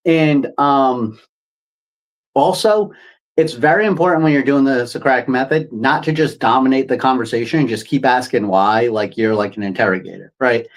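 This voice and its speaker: A man's voice: medium pitch, normal speed, low-quality recording. A man co-hosting a coaching podcast, explaining ideas in a rambling casual way with many fillers and restarts. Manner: rambling, many fillers, acts out quoted voices. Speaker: podcast co-host.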